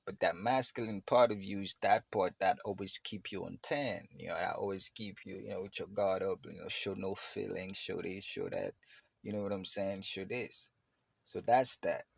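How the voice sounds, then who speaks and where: Low, gravelly and husky, this man's voice is expressive and moves at a moderate pace. As a podcast host, he muses in a casual reflective monologue, meandering with many fillers and restarts.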